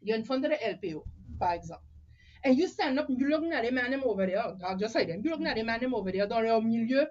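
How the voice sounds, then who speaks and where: A woman with a fairly high voice talks in an animated, opinionated way, hopping between English and French within a sentence. The sound is dull and lo-fi, without much top end. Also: fast. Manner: emphatic, opinionated. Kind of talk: casual chat.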